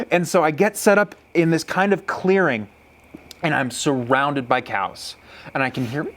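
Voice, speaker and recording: Over background noise, a young man with a slightly high voice tells a hunting story at normal speed in casual conversation. He's excitable, laughs often, and acts out the animal calls.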